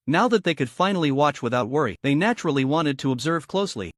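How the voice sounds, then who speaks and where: Animated male story narrator, dry sound. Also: fairly high pitch, fast, dry recording.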